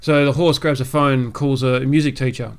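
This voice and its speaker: A man's voice: medium pitch, fairly even intonation, brisk, clean tone. A man hosting a gaming podcast, telling a long joke in a rambling, casual way with many asides. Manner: rambling, lots of fillers and asides. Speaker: podcast host.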